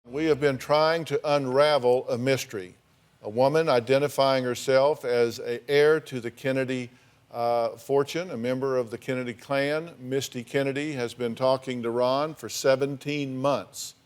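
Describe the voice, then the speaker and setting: A man's voice: medium pitch, steady tone, moderate pace, smooth. Male talk show host, probing interviewer on a daytime studio set. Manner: probing, asks pointed yes-or-no questions.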